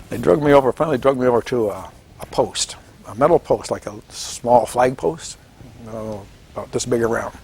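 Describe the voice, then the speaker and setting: A man in his seventies from Washington State, telling his story in an oral history interview, animated and chuckling, acting out the voices of people he quotes. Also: mid-range voice, moderate pace, slightly rough. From Washington State, United States. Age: 70s. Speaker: veteran interviewee.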